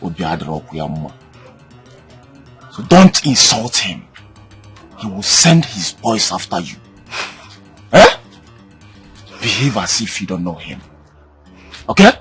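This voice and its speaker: A Nigerian elder brother speaks in a lowish, steady voice, calming and firm. Soft music runs behind him. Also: male voice, measured pace, long pauses, husky, exaggerated voice. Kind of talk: Nollywood film acting.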